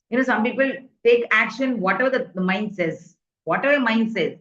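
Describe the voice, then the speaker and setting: A woman's voice: mid-range voice, a little fast, fairly bright tone. A woman coaching her audience in a workshop talk, earnest and repetitive, with many fillers, often asking her listeners questions. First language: Tamil. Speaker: life coach. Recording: muffled, echoey room.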